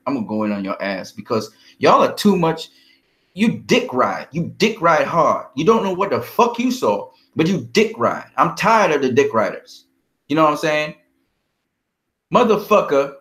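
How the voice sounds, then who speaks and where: A man's voice: medium pitch, fairly bright tone. A man vlogging about boxing in a heated, profane, confrontational rant. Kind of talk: ranting fight commentary.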